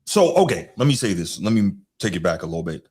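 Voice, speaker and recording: A male podcast host with a very deep voice talks in a casual, hesitant way. He often pauses, restarts and fills gaps as he works through his point. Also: very animated, darkish tone, slightly rough. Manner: hesitant, lots of "you know" and restarts. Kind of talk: casual chat.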